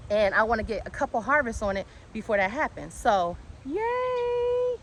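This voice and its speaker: A woman giving a casual walk-and-talk tour of her backyard garden. She talks in an excitable, chatty way and drifts off topic easily. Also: mid-range voice, quick pace. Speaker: home gardener and channel host. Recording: outdoor noise with birds and passing traffic.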